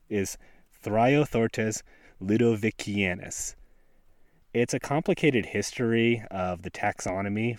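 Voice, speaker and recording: A man's voice: on the low side, no room sound, studio quality. A man with a West Virginian accent hosting a laid-back podcast, talking casually while out in a snowy forest. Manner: laid-back, self-deprecating. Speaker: podcast host. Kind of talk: casual outdoor podcast talk. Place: snowy forest outdoors by a stream.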